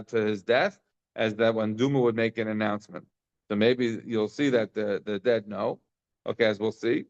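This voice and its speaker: A man's voice: mid-range voice, highs cut off. A man teaching a daily Talmud class, explaining the text informally with frequent fillers and restarts.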